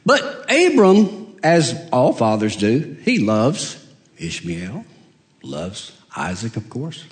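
Animated preacher man, lively pitch. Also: slow. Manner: storytelling with acted-out dialogue and humor; swings between soft low asides and raised emphatic cries. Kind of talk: sermon.

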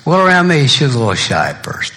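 A man's voice: mid-range voice, huge pitch swings, fast, bright, forceful tone. An older man, a pastor giving a funeral sermon, mixing folksy jokes about himself with solemn words of comfort. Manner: folksy, joking anecdotes between solemn points.

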